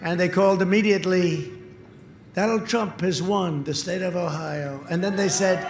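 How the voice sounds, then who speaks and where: Emphatic man shouting at an outdoor rally. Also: sits high, normal speed, gravelly, background noise. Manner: emphatic, repetitive, punchy short phrases, bursts of shouting. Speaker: political speaker at a rally. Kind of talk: campaign rally speech. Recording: echoey outdoor PA sound with crowd. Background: cheering crowd.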